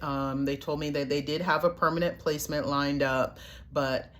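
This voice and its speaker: A middle-aged woman, telling foster parenting stories in a casual way to her viewers, laughing often and acting out what people said. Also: sits low. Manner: chatty, laughs often, acts out quotes.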